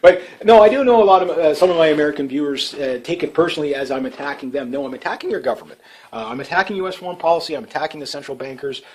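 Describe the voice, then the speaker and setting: Canadian man, vlogger, rambling casual talk, lots of "uh" and "you know", trails off softly. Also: on the high side, very fast, low-quality recording. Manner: rambling, many fillers and restarts, trailing off quietly. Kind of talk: casual off-the-cuff commentary.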